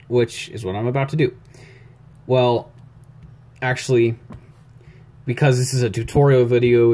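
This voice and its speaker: A young man narrating a drawing tutorial in a casual, rambling way, jittery and a bit rushed. He mutters asides to himself and pokes fun at his own work. His pitch sits in an ordinary middle range. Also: a little mellow. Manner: rambling, jittery, self-deprecating, talks to himself while drawing. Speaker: YouTube animation tutorial maker. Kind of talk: casual screen-recorded tutorial. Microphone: phone recording.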